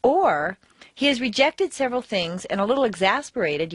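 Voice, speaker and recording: A woman with an American accent giving a recorded pronunciation lesson. She talks in clear, deliberate instructions and exaggerates word stress to demonstrate it. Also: on the high side, animated, dry recording. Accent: General American. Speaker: accent trainer.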